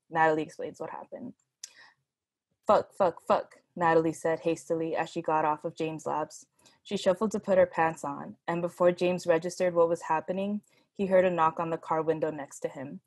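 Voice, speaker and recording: Lady reading her story out, lowish voice, very dry. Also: a little mellow, no echo. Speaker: workshop writer. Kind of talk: reading own fiction aloud.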